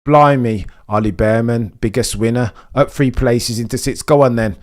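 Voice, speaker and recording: A young man hosts a live race watchalong and talks straight to his viewers. His voice sits at a middle pitch. He drops to a hushed, nervous mumble and then bursts into loud, excited shouting. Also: moderate pace. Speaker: streamer hosting a race watchalong. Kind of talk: live sports watchalong commentary.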